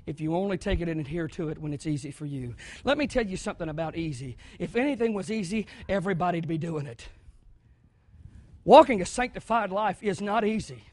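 A high-voiced man from the American South preaches a sermon, starting quiet and conversational and building to loud, shouted preaching. There's no echo.

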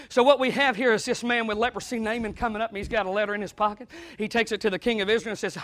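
Fiery male pastor, very high and bright voice, dry close sound; swings from soft asides to shouting. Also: steady tone, very fast, few pauses. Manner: impassioned, swinging from quiet asides to shouted declarations. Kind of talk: sermon.

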